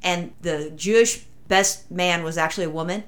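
A woman whose voice sits on the low side speaks at a normal pace, telling a long, meandering anecdote in easygoing podcast chat. She gets animated, acting out what the other people said.

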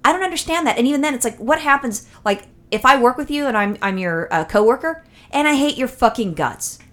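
A woman's voice: sits high, brisk. A woman co-hosting a casual comedy podcast, rambling and profane as she tells stories. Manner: rambling, profane, animated storytelling. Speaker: podcast co-host.

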